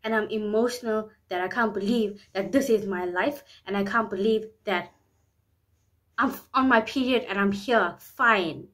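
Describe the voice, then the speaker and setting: A woman's voice: medium pitch, moderate pace, a bit bright. A woman vlogging in a candid, rambling way, often repeating herself and speaking openly about private matters. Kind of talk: candid personal vlog talk.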